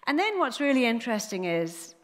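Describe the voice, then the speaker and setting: A middle-aged woman telling a story to an audience, animated and acting out the voices of the people she quotes. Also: fairly high pitch, fairly quick, in a large hall. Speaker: speaker telling a client story.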